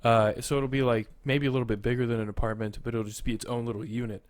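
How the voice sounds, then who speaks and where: A man's voice: mid-range voice, level tone, fast, dry recording. A man co-hosting a podcast in casual, rambling chat, swearing freely and laughing often. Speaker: podcast co-host.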